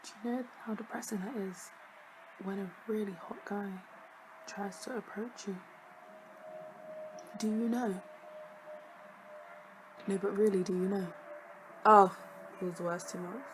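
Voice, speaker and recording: A woman's voice: mid-range voice, fairly even intonation, measured pace, pauses often, background noise. A young woman, a student vlogger chatting casually to camera, sassy and jokey with lots of laughing asides. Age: young adult.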